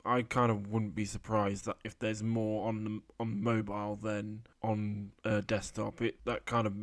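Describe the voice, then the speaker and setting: A man's voice: lowish voice, flat delivery, normal speed, no room sound, studio quality. A man co-hosting a podcast, chatty, often stammering and restarting sentences. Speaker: podcast co-host. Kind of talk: casual chat.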